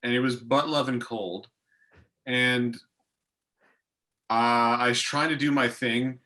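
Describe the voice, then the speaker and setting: A male podcast co-host tells stories in a lively, self-mocking way. His voice sounds bright and forceful. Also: medium pitch, slow pace. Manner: animated anecdote-telling, self-mocking. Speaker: co-host, hockey broadcaster. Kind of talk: casual chat.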